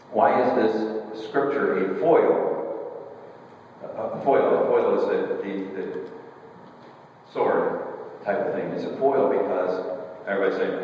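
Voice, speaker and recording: A man pastor delivers a loose, conversational sermon and stumbles over his words as he restarts his sentences. He is recorded from far away in a large, reverberant church. The sound is dull and lo-fi, with a faint hiss underneath. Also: fairly low pitch. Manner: informal and halting, with frequent restarts.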